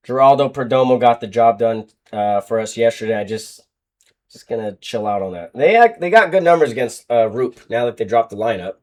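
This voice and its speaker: A young man hosting a casual sports betting show, going through picks bluntly and joking as he goes. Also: mid-range voice. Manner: blunt, joking, trash-talking teams and players.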